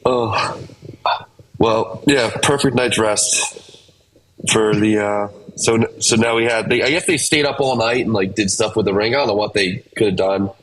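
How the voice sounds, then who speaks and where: A man on a podcast, recapping a tournament haltingly with many fillers. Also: on the low side, fairly bright tone, a little hiss or hum, poor audio. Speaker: podcast co-host. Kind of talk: casual recap chat.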